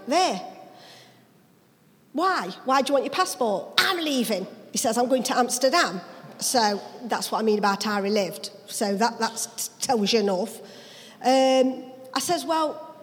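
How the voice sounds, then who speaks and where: A woman tells her own life story as an interview guest, acting out the people in it. She is a pastor, and her voice sits a little high. She is recorded in a church, with a long reverb around her. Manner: lively dialect storyteller, acts out voices. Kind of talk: personal testimony storytelling.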